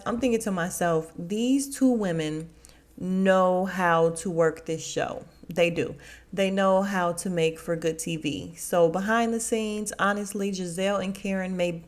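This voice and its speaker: A woman hosting a casual podcast, telling a story and acting out quotes with sudden jumps up in pitch. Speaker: podcast host recapping a reality show. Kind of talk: casual chatty recap.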